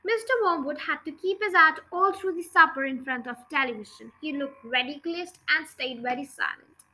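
A woman narrating a children's storybook chapter in an expressive, lively read-aloud. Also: high voice, moderate pace, low-quality recording. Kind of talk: storybook reading.

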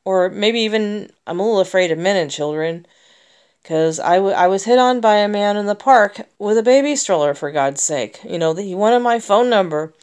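American woman with a smooth, resonant voice. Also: medium pitch, darkish tone. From United States. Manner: emotional and rambling, many restarts. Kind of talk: personal vlog monologue.

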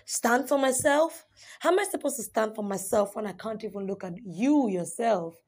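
A young woman performing spoken word poetry, dramatic, swinging between raised pleading lines and hushed whispers. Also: a little high, lively intonation, moderate pace.

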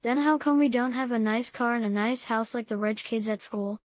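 A woman voicing an eager young boy, speaking earnestly, in a higher voice and a dry recording. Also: normal speed, no room sound, natural voice.

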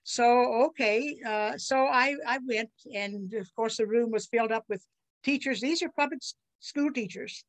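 An older woman from the USA, telling personal stories as an interview guest in an earnest, halting way with many restarts. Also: fairly high pitch, poor audio. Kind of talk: personal storytelling.

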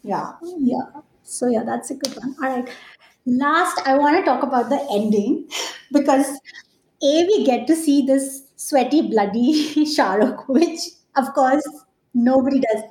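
A woman chats about films on a podcast in a high voice, laughing often as she talks. The recording has a roomy echo. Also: measured pace. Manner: animated, laughs often while talking. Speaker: podcast co-host. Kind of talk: casual film chat.

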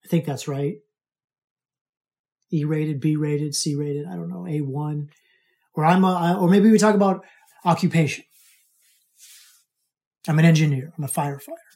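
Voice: mid-range voice, fairly even intonation, measured pace, pauses often, darkish tone. A coach giving a casual teaching talk to students, speaking conversationally, checking in with "right?" and often repeating or restarting words. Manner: conversational, keeps asking "right?".

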